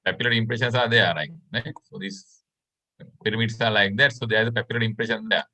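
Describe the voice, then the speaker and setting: A man's voice: lowish voice, steady tone, fast, bright, forceful tone. A Sri Lankan man teaching a medical class online, explaining step by step and often checking in with "right?". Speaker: medical lecturer.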